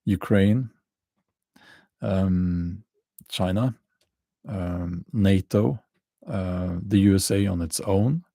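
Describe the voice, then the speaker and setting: Slow, gravelly Norwegian man chatting. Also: low voice, mellow, no echo. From Norway. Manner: halting, many fillers and restarts, chuckles dryly. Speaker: livestream host answering chat questions. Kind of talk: casual livestream chat.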